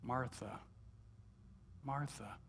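A man voicing Jesus as a calm, gentle grown man who speaks softly and tenderly. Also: mid-range voice, a little hiss or hum, pitched below the performer's own voice, natural voice. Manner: soft, tender, unhurried.

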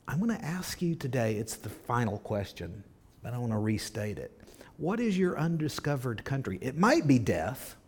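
A man preaching a sermon, telling a story, then reading scripture and old verse aloud with sudden loud, drawn-out emphasis. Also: mid-range voice, very animated, slightly rough. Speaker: pastor.

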